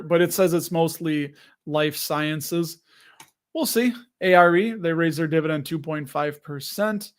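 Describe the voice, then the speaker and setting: An American man hosting a live investing stream, chatting loosely and reading viewer comments aloud. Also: a little high. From United States. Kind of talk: casual live-stream chat.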